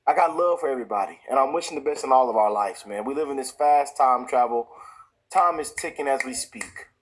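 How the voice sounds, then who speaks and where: A man's voice: mid-range voice, lively intonation, a little fast, low-quality recording. A man, hosting his own show and ranting in heated, repetitive commentary full of restarts. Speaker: show host. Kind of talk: impassioned commentary.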